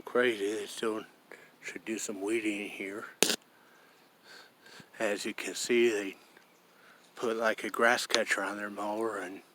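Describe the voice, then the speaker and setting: A man from Iowa, vlogging casually outdoors, rambling slowly and calling himself by his own name in the third person. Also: fairly low pitch, little pitch movement, background noise. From Iowa, USA. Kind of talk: casual vlog to camera.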